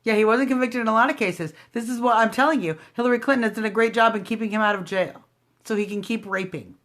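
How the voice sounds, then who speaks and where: A woman hosting a live phone stream, talking loudly in a confrontational, sarcastic political rant. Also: fairly high pitch, fast talker. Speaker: livestream host. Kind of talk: combative political livestream rant. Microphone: phone livestream.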